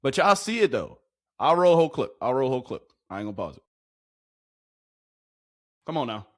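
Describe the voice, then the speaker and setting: A young man casually breaking down football practice clips, excitable and full of slang, repeating his lines and laughing as he goes. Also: medium pitch, normal speed. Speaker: football reaction commentator. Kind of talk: casual hyped clip breakdown.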